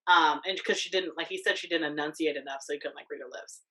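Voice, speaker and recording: A young woman co-hosting a podcast, telling a story in casual chat, animated, swearing freely, with lots of filler words. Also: deep voice, quick pace, rough recording. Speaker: podcast co-host.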